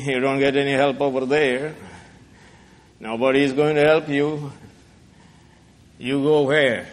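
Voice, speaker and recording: Guy preaching a sermon, slow and fired up, big echoey church hall. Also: mid-range voice. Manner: impassioned, swings from hushed to soaring, asks the crowd questions. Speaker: pastor.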